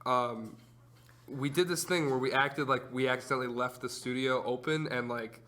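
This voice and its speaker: A young man with a bright, forward tone talks casually on his podcast. He is easygoing and teasing, telling stories quickly at a middle pitch. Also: fairly even intonation. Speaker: podcast co-host. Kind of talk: casual chat.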